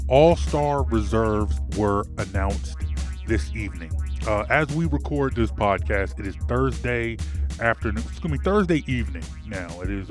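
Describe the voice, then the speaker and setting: Man, podcast host, low voice, emphatic, faint music behind. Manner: emphatic, worked-up, repeats himself for stress. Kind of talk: casual sports podcast talk.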